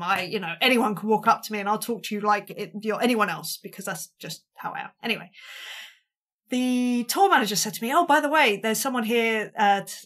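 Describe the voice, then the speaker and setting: A British woman who works as a touring drummer tells a story as a podcast guest, casual and self-deprecating, acting out the quotes with energy. Her voice is mid-range with a fairly bright tone.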